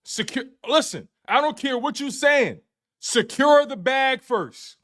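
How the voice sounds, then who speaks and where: High-voiced man hosting a sports show. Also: slow pace. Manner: animated, repetitive, playful trash talk to chat. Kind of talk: casual live-stream sports talk.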